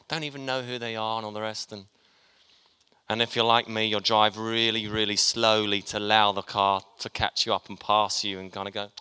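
A man's voice: lowish voice, level tone, moderate pace, sharp tone, clear, resonant tone. A man preaching a sermon, chatty and joking with his congregation as he talks. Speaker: pastor. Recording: long hall reverb.

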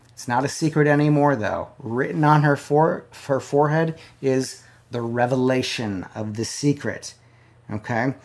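A male preacher delivering a sermon with a middle-range voice. He drops into hushed, chatty asides aimed at people watching online, then climbs into loud, pressing proclamations. His talk keeps swinging between those two levels. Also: mid-range voice, creaky. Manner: preaching with sudden swings from quiet asides to loud emphatic declarations; conversational, addresses a live-stream audience directly. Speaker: pastor.

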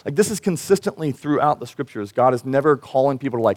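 A man, a pastor, preaching a sermon in a casual, animated way and acting out Bible figures in everyday voices. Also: mid-range voice, quick pace.

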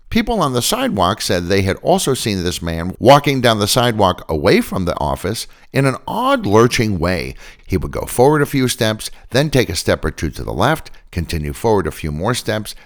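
Deep-voiced man narrating, swooping delivery. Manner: storytelling with dry asides. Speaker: podcast host. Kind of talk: scripted podcast narration.

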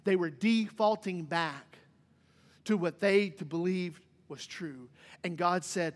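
Pastor guy preaching, really high voice, lively, acts out bits of the story, long church echo. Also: takes it slowly. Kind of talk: sermon. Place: church sanctuary.

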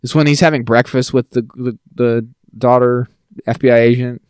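A man's voice: medium pitch, fairly even intonation, normal speed, a little mellow, no echo, studio quality. A man co-hosting a podcast in casual chat, wry and mocking as he picks apart movie dialogue. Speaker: podcast co-host.

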